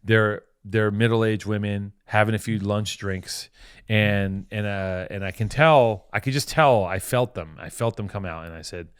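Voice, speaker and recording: This is a man with a low-pitched voice, co-hosting a casual podcast in a loose, crude way. He teases and jokes, then drifts into long, meandering stories. The sound is dry, with no room around it. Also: a little slow, clean tone, no room sound. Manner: crude, teasing, rambling storyteller. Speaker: podcast co-host.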